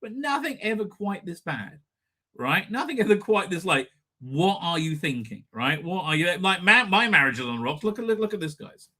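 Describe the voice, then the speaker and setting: A man's voice: high voice, big pitch swings, moderate pace, bright, forceful tone. A man hosting a live stream, ranting sarcastically and crudely at video clips and swearing freely.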